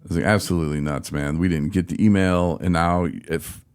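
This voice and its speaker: A man from telling a frustrated story in casual podcast chat, acting out his own quotes with animated exasperation. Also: sits low, fairly quick, smooth. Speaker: podcast host.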